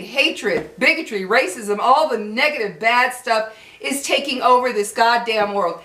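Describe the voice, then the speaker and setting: A furious older woman vents her frustration straight at her viewers, swearing freely and hammering her points with repetition. Her voice is bright and forceful, sitting a little high for a woman. The room around her rings with noticeable echo. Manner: heated, cursing, emphatic, repeats herself. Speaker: vlogger. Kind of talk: angry rant to camera.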